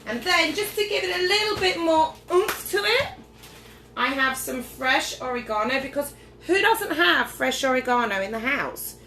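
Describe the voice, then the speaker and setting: A slightly tipsy woman talks through a home cooking demo in a fairly high voice, rambling and often losing her place. Her voice bounces around a roomy kitchen while dishes and pans clatter loudly behind her. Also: lively intonation, moderate pace, a little hiss or hum. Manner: chatty, rambling, loses her train of thought. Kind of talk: casual cooking demonstration.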